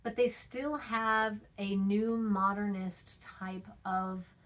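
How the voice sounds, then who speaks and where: A woman's voice: medium pitch, fairly even intonation, slow. Chatty woman teaching a poetry lesson. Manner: chatty, checks in with "okay?" and "right?"; sounds out rhythms with playful noises.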